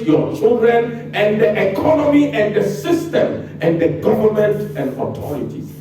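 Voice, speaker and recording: A man's voice: fairly high pitch, warm tone. A man with a Ghanaian accent giving a public lecture, impassioned and firing rhetorical questions at the audience. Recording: very echoey room, mic far off.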